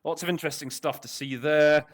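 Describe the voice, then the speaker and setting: A man's voice: a little high, steady tone, brisk. A man as host of an interpreting lesson, talking casually with lots of fillers and restarts as he walks through a text. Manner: chatty, full of fillers and restarts. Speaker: interpreting tutor. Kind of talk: casual teaching breakdown.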